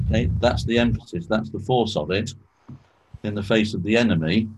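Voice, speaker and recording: Man, low pitch, informal Bible teaching, explanatory, frequent throat clearing. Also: fairly quick, slight background noise, low-quality recording. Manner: explanatory, asks group questions. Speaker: Bible study leader.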